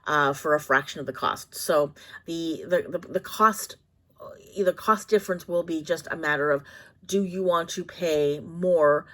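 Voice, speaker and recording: Low-voiced chatty woman vlogger. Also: a little slow, a bit bright. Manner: chatty, rambling with many fillers and self-corrections. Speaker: vlogger reviewing bags. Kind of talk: casual product chat.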